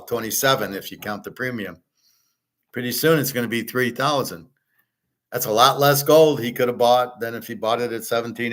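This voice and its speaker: A man's voice: on the low side, fairly bright tone. A middle-aged man lecturing a class in a blunt, rambling way, swearing freely and often restarting his sentences. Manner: many restarts and repeated words. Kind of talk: casual lecture.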